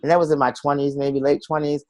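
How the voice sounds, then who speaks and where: A man's voice: a little high, level tone, fast, darkish tone, no room sound. A middle-aged man being interviewed, telling a personal story in an earnest, confessional way and acting out the voices of the people he quotes. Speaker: guest.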